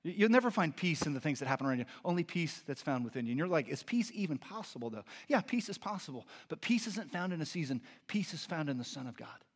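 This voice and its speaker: A man, a pastor, delivering a sermon, moving between earnest teaching and animated storytelling. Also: a little high, fast, hardly any pauses, slightly rough. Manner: animated storytelling with lively impressions.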